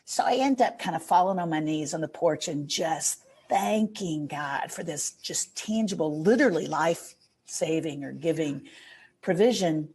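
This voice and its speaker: A woman with a low, husky voice tells a heartfelt story as a podcast guest. She speaks in an earnest, gushing way, and she is middle-aged. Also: animated, normal speed, a little mellow. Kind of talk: storytelling in a casual interview.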